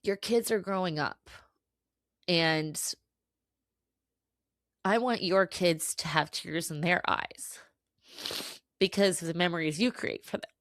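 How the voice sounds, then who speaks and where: A woman's voice: mid-range voice, a bit bright, no echo, studio quality. A woman hosting a solo podcast, giving an earnest, emotional pep talk with some swearing. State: tearful at times. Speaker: podcast host.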